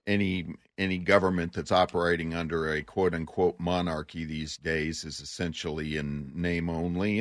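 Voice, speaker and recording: A man co-hosting a talk radio show, giving measured, opinionated commentary in casual chat. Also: low voice, no room sound, studio quality.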